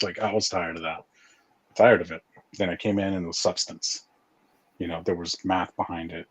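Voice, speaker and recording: A man's voice: sits low, steady tone, normal speed, long pauses, slightly rough. A man on a casual crypto talk show, chatting agreeably.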